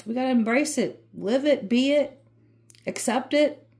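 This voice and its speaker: A woman's voice: high voice, a little slow, darkish tone. A woman giving an emphatic, repetitive, fired-up tarot reading. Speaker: tarot reader.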